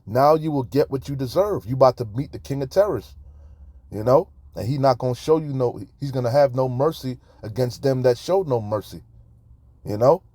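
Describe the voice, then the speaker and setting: A man's voice: mid-range voice, normal speed, warm tone, dry recording. A man preaching in a fiery, profane rant, reading scripture aloud between angry comments on debt. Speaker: street preacher commenting on news.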